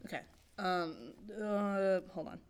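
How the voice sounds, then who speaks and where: A woman's voice: mid-range voice, slow pace, a little hiss or hum. A woman playing a tabletop game, talking casually and thinking aloud as she checks her spell. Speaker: player.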